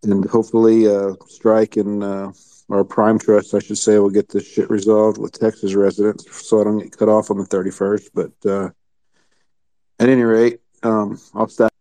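A man with a low, mellow, flat voice chats casually, stammering and restarting often. The audio is dry. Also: moderate pace, no room sound. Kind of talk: casual chat.

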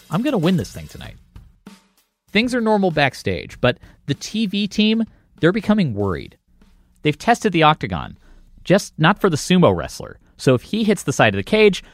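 A male reporter narrates a documentary in a scripted storytelling manner. His voice sits a little high and swings widely in pitch. Soft music plays underneath. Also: dry recording, studio quality.

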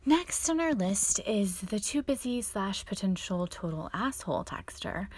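A woman's voice: medium pitch, sing-song, a little slow, breathy edge. A young woman hosting a sassy, profane comedic monologue. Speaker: host.

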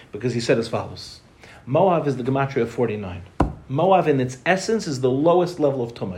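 A young man teaching a Torah class in a quick, joking way, throwing rhetorical questions at his listeners. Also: medium pitch, darkish tone.

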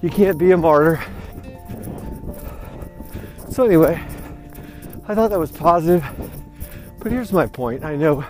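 A man's voice: on the high side, expressive, normal speed, a little mellow, soft background music. A man hosting his own vlog, chatting outdoors while he walks, slightly out of breath, rambling and upbeat. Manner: rambling, upbeat, repeats "you know what". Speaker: vlog host. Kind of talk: casual motivational talk. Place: outdoors, walking or running.

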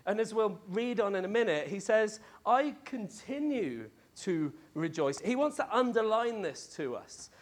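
High-voiced jokey male preacher. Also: expressive, measured pace, hardly any pauses. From Wales lived in, not grown up. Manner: jokey, conversational, lots of fillers and laughs. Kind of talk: lively sermon.

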